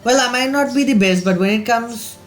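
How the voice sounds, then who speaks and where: A man's voice: extremely high pitch, fairly quick, soft background music. A man reading a timid crybaby girl archer.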